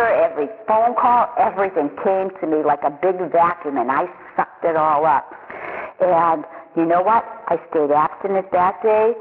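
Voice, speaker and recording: A woman telling her personal recovery story in a halting, confessional way, often repeating her words. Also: fairly low pitch. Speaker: recovery program member sharing her story. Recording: tinny phone-line sound with long echo.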